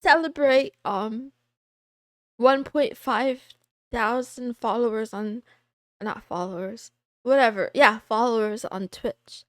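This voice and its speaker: Speaking slowly in a slightly high voice, this woman streamer greets her viewers by name on a casual livestream. She's a playful, giggly VTuber who drifts into a meowing cat persona, and the studio-quality audio has no room sound.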